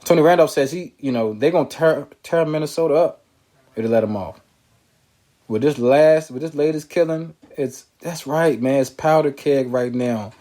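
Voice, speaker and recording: Slightly high-voiced man hosting a live talk show. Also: moderate pace, warm tone. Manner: loose and conversational, repeats phrases, reads viewer comments aloud. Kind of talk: casual live-stream commentary.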